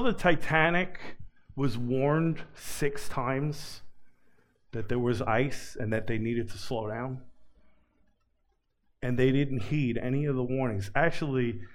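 A male pastor preaching at an unhurried, deliberate pace. His voice sits at an ordinary pitch. He swings between forceful, raised warnings and soft, pleading lines. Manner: slow, earnest preaching, swinging from loud urgency to quiet pleading. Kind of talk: sermon.

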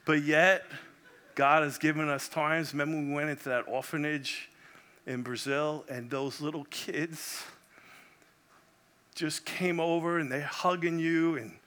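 Fervent Puerto Rican pastor, bright voice. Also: male voice, fairly high pitch. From Puerto Rico. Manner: passionate, swinging between loud exclamation and quiet prayer. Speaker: visiting pastor. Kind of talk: sermon.

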